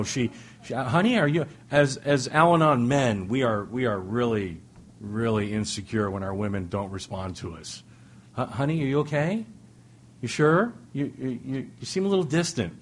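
A man's voice: lowish voice, slight background noise. A middle-aged man telling a humorous personal story to a recovery meeting, self-deprecating and full of restarts and asides. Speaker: speaker sharing at a recovery meeting.

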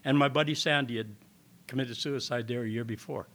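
A man's voice: medium pitch, fairly even intonation, brisk, fairly bright tone. An older man telling a personal testimony to an audience in a meeting hall, with plain folksy storytelling and acted-out dialogue. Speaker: recovery meeting speaker.

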